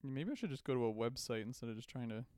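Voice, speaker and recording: A man's voice: medium pitch, expressive, quick pace, a little mellow, no room sound, studio quality. A man co-hosting a podcast in casual chat, joking around and slipping into silly voices. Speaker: podcast co-host.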